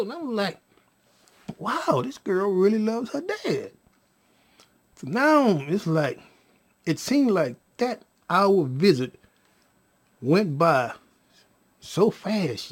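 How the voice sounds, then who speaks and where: A man telling his own story to viewers in an emotional, animated way, addressing them as y'all with casual slang. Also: on the high side. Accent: Californian.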